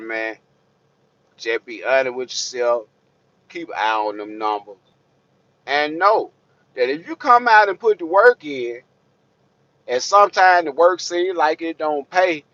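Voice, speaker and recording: Trucker dude, high voice, cussing and preaching at the camera, dull lo-fi sound. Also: male voice, unhurried, pauses often, a bit bright, dry recording. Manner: profane, streetwise, preachy, repeats himself. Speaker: hotshot trucker vlogger. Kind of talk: blunt unscripted rant to camera. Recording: dull lo-fi recording.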